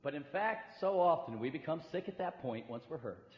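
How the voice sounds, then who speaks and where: A high-voiced male preacher delivers an animated sermon, his pitch jumping around as he acts out the voices of hurt believers. The sound rings in a big hall with a long reverb. The recording is dull and lo-fi. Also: normal speed.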